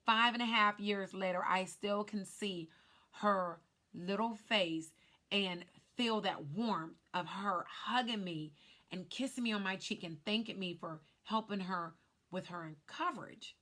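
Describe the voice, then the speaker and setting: A woman's voice: mid-range voice, unhurried, bright, forceful tone. A woman who works as a life insurance agent, casually telling viewers her personal story in a chatty vlog. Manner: chatty, speaks straight to viewers.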